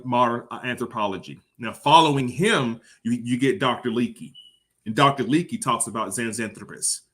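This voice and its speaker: Animated, profane man lecturing. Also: mid-range voice. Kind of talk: informal lecture with visuals.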